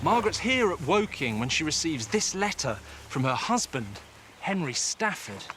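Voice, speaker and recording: A man presenting a history documentary, telling the story in an engaged, expressive way. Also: a little high, normal speed, noisy background. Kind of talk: presenting on location. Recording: music bed behind.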